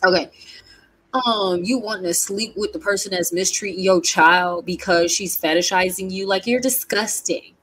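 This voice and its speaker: Young woman, casual vlogger, expressive and laugh-filled, slightly breathy. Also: medium pitch, normal speed, low-quality recording. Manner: animated, laughs often, exclamatory. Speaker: video creator reviewing movies. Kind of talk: casual ranting review vlog.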